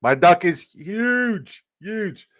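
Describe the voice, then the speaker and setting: A man's voice: high voice, expressive, drawn-out words, a bit bright, voice pushed up, heavily acted. A man doing an impression of a boastful, blustery older male politician, repeating superlatives.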